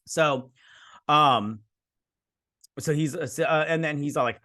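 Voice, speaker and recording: A man's voice: on the high side, expressive, normal speed, pushed and bright. A man hosting a show review, rambling and sassy as he recaps an episode and acts out the characters' lines.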